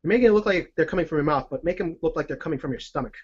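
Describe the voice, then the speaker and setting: A man with a slightly high voice chats his way through a card-magic demonstration on a live video call. His talk is jokey, excitable and rambling, full of self-deprecating asides. The stream audio sounds dull and lo-fi. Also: racing, breathy edge.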